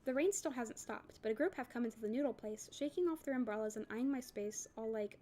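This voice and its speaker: A woman reading a novel aloud in an expressive first-person voice for a book club. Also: fairly high pitch, fast, hardly any pauses, a little hiss or hum.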